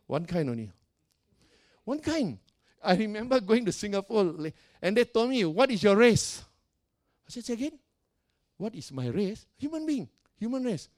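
Man, pastor, sermon, emphatic, repetitive, warm dark tone. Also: sits high, very animated, normal speed. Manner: emphatic, repetitive, direct questions to congregation.

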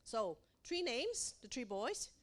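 Middle-aged woman from Asia, parenting speaker, animated, slips into voices for anecdotes. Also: takes it slowly. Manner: animated, acts out quoted dialogue in a higher voice. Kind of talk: motivational talk to mothers.

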